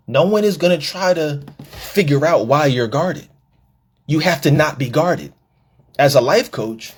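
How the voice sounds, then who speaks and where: A middle-aged podcast host and life coach gives a live-taped monologue, preaching through stories, repeating words and acting out the people he quotes. His voice is medium-pitched, a little mellow and slightly rough.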